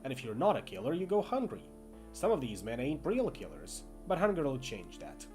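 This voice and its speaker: A man's voice: mid-range voice, wildly swooping pitch, a little fast, a little mellow, soft background music. A man voicing a cocky, menacing young male camp bully with a working-class Northern English accent, bragging and taunting.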